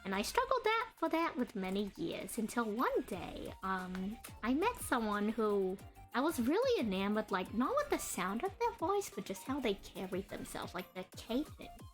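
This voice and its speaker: A young adult woman streaming while she draws, chatting and rambling to her viewers in a deliberately adopted voice and cadence. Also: a little high, big pitch swings, faint music behind. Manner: chatty, rambling, greets chat by name. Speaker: streamer and artist. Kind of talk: casual live-stream chat while drawing.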